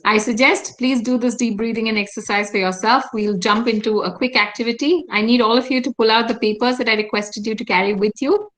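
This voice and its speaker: A woman's voice: on the high side, steady tone, brisk, hardly any pauses, fairly bright tone, low-quality recording. A woman with an Indian English accent leading an interactive online workshop, often asking her listeners questions and prompting them to answer. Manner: engaging, asks the audience frequent questions. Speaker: workshop speaker. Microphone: video call.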